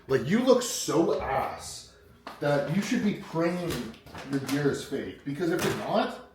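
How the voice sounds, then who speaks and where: A man's voice: a little high, very animated, slow pace, a little mellow, echoey room, slight background noise. Casual young man ranting in a vlog. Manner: casual, rambling, quotes people in dialogue. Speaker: fitness vlogger. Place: kitchen at home, then a gym.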